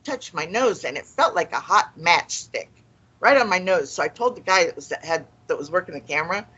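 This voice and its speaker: A woman's voice: lowish voice, lively intonation, a little fast, pushed and bright, breathy edge, muffled recording. A woman paranormal investigator chatting enthusiastically about her investigations. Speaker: paranormal investigator, show guest. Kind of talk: casual storytelling.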